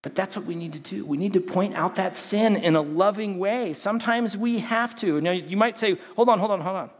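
Youth preacher, male, high tenor voice, chatty storyteller, hall echo behind him. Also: a little fast. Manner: conversational storytelling, acts out quotes. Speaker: youth pastor. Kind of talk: sermon to young people. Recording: long hall reverb.

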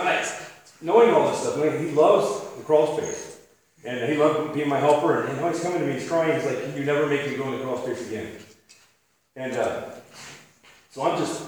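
A man's voice: medium pitch, expressive, normal speed, long pauses. A man in his thirties preaching to an audience in a conversational storytelling way, chuckling and restarting his sentences. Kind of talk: storytelling sermon. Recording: echoey room, distant mic, faint hiss.

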